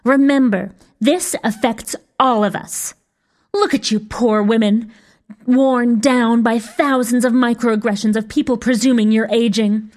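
Storybook villain: vain centenarian witch, grand and boastful, high voice, read by a woman. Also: a little slow, a little mellow, lightly acted. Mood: gloating. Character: vain, scheming hundred-year-old witch mother.

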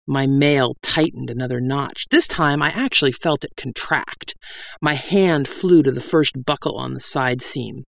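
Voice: medium pitch, a little slow, gravelly, a bit bright, no room sound. A reader narrating a comic fantasy tale in a dry, wry storytelling style. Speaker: audiobook narrator.

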